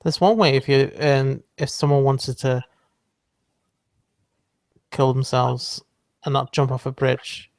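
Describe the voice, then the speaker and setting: A man co-hosting a casual chat, speaking in a hesitant, dry way with many pauses and ums. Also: medium pitch, steady tone, darkish tone, dry recording. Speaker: podcast co-host.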